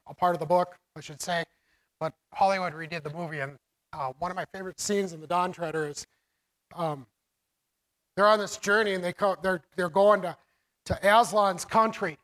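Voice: mid-range voice, moderate pace, pauses often, a bit bright, rough recording. Rambling, laughing preacher. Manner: rambling, many restarts and fillers, laughs often. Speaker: preacher teaching about the children's ministry. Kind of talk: sermon.

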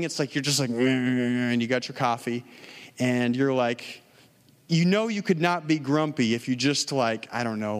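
A man preaching, telling a personal story in a casual way with many fillers, then leading a prayer. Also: mid-range voice. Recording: long hall reverb.

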